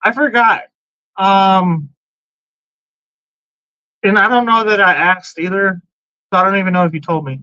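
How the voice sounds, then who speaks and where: A man with a high, sharp, bright voice hosts a loose podcast chat, blunt and quick to swear as he hops from one topic to the next. The recording is dull and lo-fi, with a dry sound and no room echo. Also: steady tone. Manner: blunt, swears freely, jumps between topics. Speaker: podcast host. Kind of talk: casual chat, reading out chat comments.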